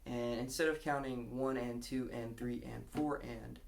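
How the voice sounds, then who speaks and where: A man's voice: mid-range voice, fairly even intonation, measured pace, vocal fry. A man giving a casual guitar lesson, explaining a strumming pattern and counting beats aloud. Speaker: guitar teacher.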